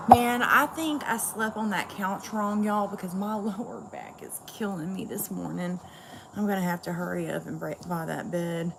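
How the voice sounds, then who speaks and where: Woman livestreamer, candid and blunt, lower-pitched voice, faint noise behind. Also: normal speed, creaky. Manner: candid, blunt venting with swearing. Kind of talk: casual livestream chat.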